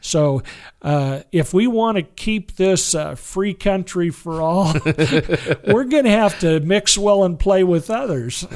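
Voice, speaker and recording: A man who leads photography workshops, chatting casually and telling animated stories. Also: high voice, slow pace. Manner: animated storytelling with quoted voices. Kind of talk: casual conversation.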